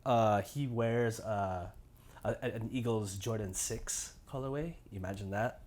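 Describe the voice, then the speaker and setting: A man's voice: fairly low pitch, a little slow, a little mellow. A young man co-hosting a podcast, chatting casually and enthusiastically about shoes, with slangy phrasing and lots of restarts. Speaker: podcast co-host. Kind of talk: casual sneaker chat.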